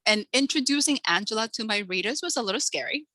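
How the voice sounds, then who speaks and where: Bright, animated woman telling stories. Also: on the high side, fast, no room sound, low-quality recording. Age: 40s. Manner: animated storyteller acting out quotes. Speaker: author, guest. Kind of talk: casual interview chat.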